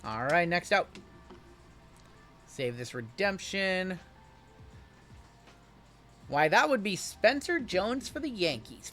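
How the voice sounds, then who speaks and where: A man with a high, bright voice calls out card pulls on a live break stream. He keeps an upbeat, chatty patter and teases his viewers about what might be coming. Faint music plays softly behind him.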